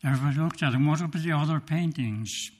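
Man preaching slow, emphatic sermon. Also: on the high side, a little mellow. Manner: slow, emphatic storytelling with dramatic pauses; reads from notes.

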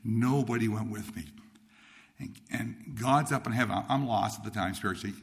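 A man's voice: lowish voice, normal speed, gravelly. A man from Nova Scotia telling his life story as a testimony, rambling with many restarts and repeated words. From Nova Scotia, Canada. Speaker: speaker sharing his testimony.

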